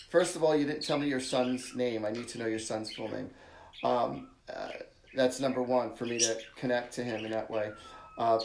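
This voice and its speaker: A man hosts a live psychic reading and talks to his viewers in a chatty, blunt way. His voice sits at an ordinary middle pitch. The sound is roomy and echoey. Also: a little mellow, slight background noise. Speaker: psychic medium host. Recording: echoey room.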